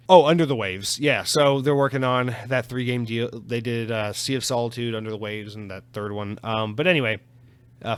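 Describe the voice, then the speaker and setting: A man's voice: medium pitch, no room sound. A man hosting a solo gaming news podcast in a casual, sarcastic way, swearing freely. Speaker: podcast host.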